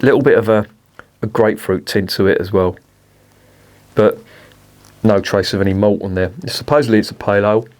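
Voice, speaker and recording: A man's voice: lowish voice, fairly even intonation, brisk, long pauses, a little mellow. Blunt sweary beer reviewer man. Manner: blunt, sweary, grumbling asides. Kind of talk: casual beer review vlog.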